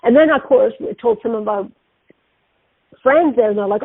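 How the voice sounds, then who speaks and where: A middle-aged woman talks through a narrow, phone-like line with a dry, close sound. Her voice is a touch high and breathy. She hosts a spiritual talk show and tells stories animatedly. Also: measured pace, dry recording. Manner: animated, acts out quoted voices. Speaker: radio show host.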